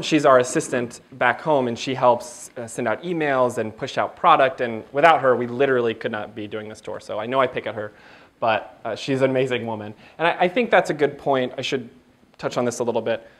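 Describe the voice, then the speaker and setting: A man giving a motivational keynote speech at a training event, telling stories in an animated way, laughing often and acting out dialogue. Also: mid-range voice. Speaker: keynote speaker.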